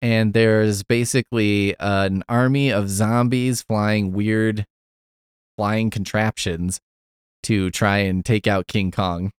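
A man's voice: lowish voice, steady tone, slow, clear, resonant tone, dry recording, clean studio sound. A man hosting a podcast, giving a rambling, profane, wry casual review of a film. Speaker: podcast host.

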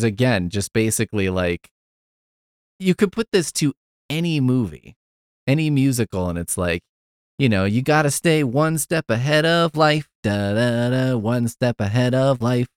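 Man, podcast host, rambling casual review, wry and profane, low smooth voice. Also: dry recording, clean studio sound.

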